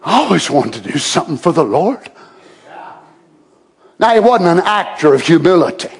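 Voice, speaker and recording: A man preaching a sermon, swinging from shouted proclamations to hushed, drawn-out asides. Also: fairly high pitch, sing-song.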